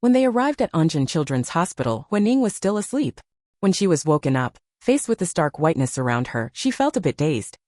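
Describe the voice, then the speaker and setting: A woman narrating a romance novel in an audiobook, with steady storytelling. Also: low-pitched, brisk, no echo, studio quality.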